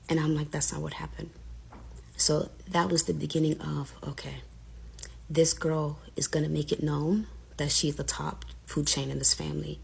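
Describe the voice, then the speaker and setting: A woman's voice: low voice, flat delivery, moderate pace, vocal fry, breathy edge. A young woman casually recounting a personal story, candid and frustrated, acting out the lines of family members as she goes.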